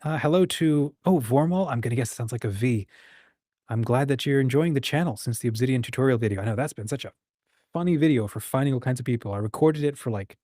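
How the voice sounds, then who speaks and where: A man's voice: medium pitch, fast talker, dark tone, dry recording, studio quality. A man hosting a casual livestream chat, encouraging and thinking aloud as he acts out quoted voices. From United States. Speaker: livestream host.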